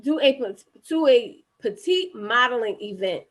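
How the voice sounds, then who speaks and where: A woman's voice: on the high side, animated, unhurried. A woman hosting a live-streamed talk show over a video call, chatty, restarting often and reading out viewer comments. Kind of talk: casual interview chat.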